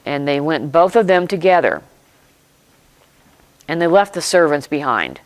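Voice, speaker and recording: Pastor, sermon, very slow measured delivery, short broken phrases, dry close sound. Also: medium pitch, expressive, no echo, poor audio. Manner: explains and reflects aloud. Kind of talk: sermon retelling a scripture story.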